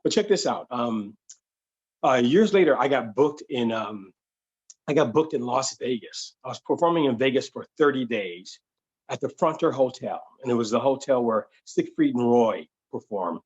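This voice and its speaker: A man telling a funny true story to an audience, animated and conversational, slipping into voices. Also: medium pitch, moderate pace, slightly rough, lo-fi sound. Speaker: solo performer and storyteller. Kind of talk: comedic live-streamed storytelling.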